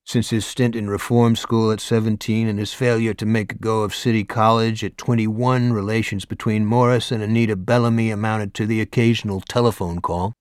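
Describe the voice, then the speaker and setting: Male audiobook narrator, low-pitched, dry and wry delivery, close and dry sound. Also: flat delivery, a little fast, few pauses, smooth, dry recording. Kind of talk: scripted narration.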